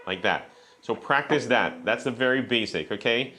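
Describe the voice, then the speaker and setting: A man's voice: mid-range voice, normal speed. A man teaching a beginner guitar lesson, patiently explaining and counting beats aloud, saying okay often. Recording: loud guitar playing behind the voice.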